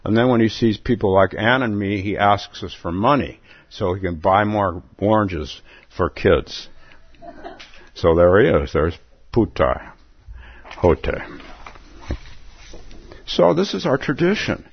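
A man giving a relaxed dharma talk as a Zen teacher, chuckling often and repeating words as he goes. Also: fairly low pitch, takes it slowly, long pauses, breathy edge. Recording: dull lo-fi dry recording.

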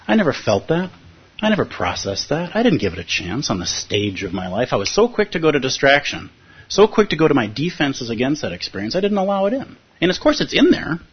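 A man with a husky voice giving a reflective teaching talk, telling a personal story and often checking in with his listeners. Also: mid-range voice. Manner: thoughtful, often checks in with "right?". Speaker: meditation teacher. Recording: dull lo-fi recording.

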